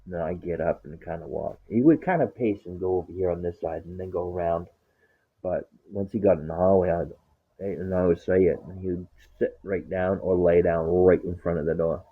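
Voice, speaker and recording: Husky, foul-mouthed man over a tinny line. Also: low voice, steady tone, moderate pace. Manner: rambling, swears a lot, acts out talk to his dog. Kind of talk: casual profane storytelling. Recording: tinny phone-like sound.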